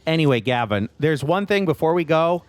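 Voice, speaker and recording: Lively teasing man, higher voice. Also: brisk, clean tone. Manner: dry teasing banter, lively. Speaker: producer. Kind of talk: casual chat.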